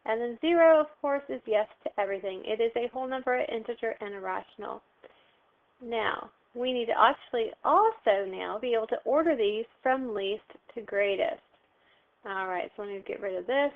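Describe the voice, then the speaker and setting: A woman teacher with a slightly high voice talks fairly quickly as she patiently walks students through a recorded math lesson step by step, asking questions and answering them herself. She's at home, with a phone audible behind her, and the sound is tinny and phone-like.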